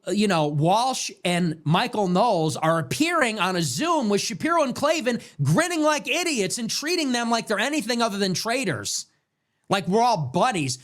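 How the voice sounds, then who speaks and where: A man hosting a late-night livestream commentary show, ranting in a heated, animated way and repeating himself with restarts as he works himself up. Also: high-pitched, normal speed. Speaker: show host.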